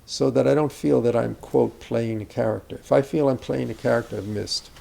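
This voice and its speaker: Gravelly older man talking craft. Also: mid-range voice, fairly even intonation, fairly quick, dark tone. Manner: reflective, rambling with asides and restarts. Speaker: acting teacher. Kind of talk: conversational interview about acting.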